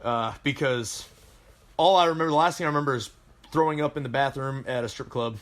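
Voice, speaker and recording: A man in his thirties, a Marine veteran from Colorado, spins long, loose stories on a podcast. His voice sits at an ordinary middle pitch, and he talks in a casual, profane way as he wanders from one memory to the next. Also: a little fast. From Colorado, USA. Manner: rambling, profane war-story telling. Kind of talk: casual chat.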